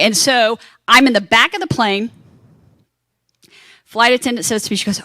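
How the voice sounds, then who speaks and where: Animated woman telling a story. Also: a little high, brisk, no echo, studio quality. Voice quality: animated, acts out quoted voices. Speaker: panel speaker. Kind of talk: convention panel storytelling. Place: convention panel room.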